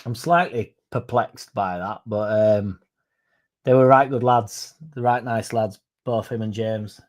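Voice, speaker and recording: A man's voice: on the low side, measured pace. A young man with a Yorkshire accent hosting a casual livestream podcast, rambling and swearing freely as he reads out chat messages. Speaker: podcast host.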